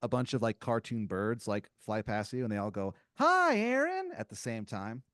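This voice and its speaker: A man's voice: lowish voice, steady tone, moderate pace, dry recording, clean studio sound. A man co-hosting a podcast, rambling through an improvised story full of "like" and "you know". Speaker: podcast co-host.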